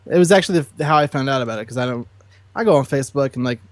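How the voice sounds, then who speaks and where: A man's voice: mid-range voice, racing, dry recording. A man co-hosting a casual podcast chat, telling stories with lots of laughter. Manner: animated storytelling, laughs often. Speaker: co-host.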